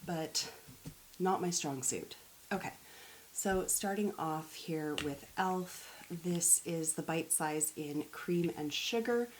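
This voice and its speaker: A woman's voice: low voice, darkish tone, a little hiss or hum, poor audio. A woman chatting to camera as a beauty vlogger, self-deprecating, tripping over words and laughing at herself. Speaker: beauty YouTuber. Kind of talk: casual chat to camera.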